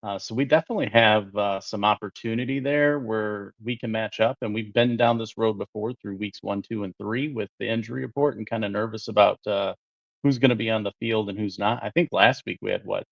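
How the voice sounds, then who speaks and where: Low gravelly man on a dull dry mic. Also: brisk, dry recording. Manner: relaxed, lots of "uh" and "you know". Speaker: podcast co-host. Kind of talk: casual sports talk.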